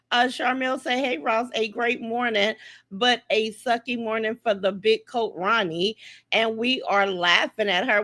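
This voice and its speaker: A woman's voice: on the high side, bright, forceful tone. Sassy woman hosting a morning livestream. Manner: sassy, greets viewers by name, calls them "y'all" and "baby". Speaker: livestream host. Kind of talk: casual live-stream commentary.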